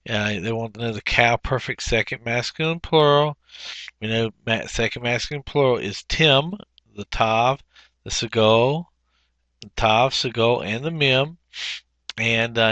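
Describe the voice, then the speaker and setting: Bright-voiced man teaching step by step. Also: mid-range voice, dry recording. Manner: unhurried, explanatory, frequent fillers and self-corrections. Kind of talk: workbook walkthrough lesson.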